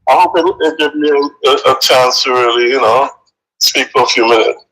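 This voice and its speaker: An older man from St. Vincent with a Vincentian accent softened by decades in the US, calling into a live chat and speaking haltingly, often repeating himself. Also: mid-range voice. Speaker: caller. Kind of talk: casual phone-in chat. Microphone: phone. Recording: tinny phone line.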